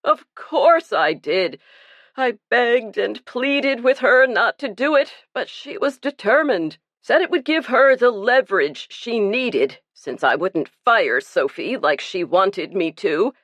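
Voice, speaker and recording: A woman's voice: a little high, expressive, slow, a bit bright, no echo, highs cut off, voice pushed up, exaggerated voice. A woman reading the part of a guilt-ridden, burly male pastor who confesses earnestly and pleads for himself. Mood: pleading.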